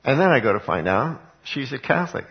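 In a muffled recording, a man with a mid-range, gravelly voice teaches from the Bible at a brisk, very animated clip. A street evangelist and Bible teacher, he speaks informally and emphatically, posing rhetorical questions and then answering them himself.

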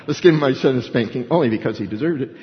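An older man teaching a bible study as a pastor, animated storytelling and acting out the voices of the people in the story. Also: medium pitch, fast. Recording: dull recording in a long-reverb hall.

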